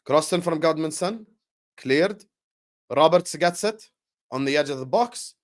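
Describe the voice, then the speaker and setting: Lively excitable young man streaming football. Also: on the high side, a little slow. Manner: excitable, banter with chat viewers, slangy. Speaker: watchalong streamer. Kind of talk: live football watchalong commentary and chat.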